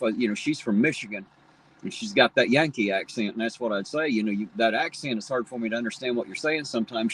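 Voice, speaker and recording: A middle-aged man with a slight Southern drawl from the Ohio Valley chats casually with his live-stream audience. His voice is husky and a little rough. He rambles along in a folksy, plainspoken way. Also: mid-range voice, low-quality recording. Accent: Appalachian Ohio Valley, slight Southern drawl. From tri-state area where Ohio, Kentucky and West Virginia meet. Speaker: livestream host. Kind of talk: casual live-stream chat, reading viewer comments.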